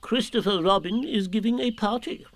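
A man's voice: high-pitched, moderate pace, a bit bright, pitched above the performer's own voice. A man reading a storybook, voicing a fussy, self-important old male owl who talks down to others. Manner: fussy, lecturing, sulky.

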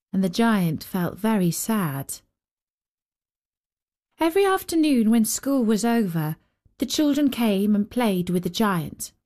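Slow, lively woman reading a storybook. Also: on the high side. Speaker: storyteller host. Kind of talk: scripted narration.

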